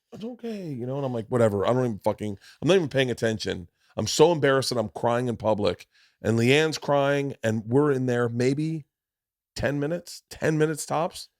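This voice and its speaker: A middle-aged man hosting a podcast, telling a long story in a casual, profane way and swinging from loud to hushed. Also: mid-range voice, dry recording, clean studio sound. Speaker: podcast host.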